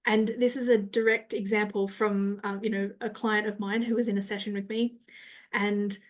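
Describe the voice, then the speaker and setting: A woman's voice: mid-range voice, little pitch movement, moderate pace. Woman coach explaining in a chatty way. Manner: coaching tone, often checks in with "right?" and "you know". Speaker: marketing coach, podcast guest. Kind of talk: casual explanatory talk.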